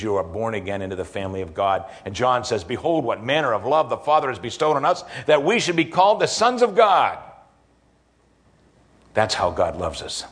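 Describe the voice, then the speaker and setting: A man delivers a sermon in an earnest, emphatic way, his voice sitting at an ordinary middle pitch. He builds repeated refrains and then leads a prayer. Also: a bit bright. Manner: earnest, emphatic preaching with rising repeated phrases. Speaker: pastor.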